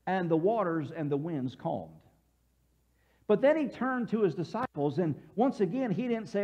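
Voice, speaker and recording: A male pastor with a high, very lively voice preaches with animated storytelling, slipping into voices for the people in his stories. The sound is a little dull and lo-fi, like a church broadcast feed. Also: normal speed, husky. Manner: leads congregation call-and-response. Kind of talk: sermon.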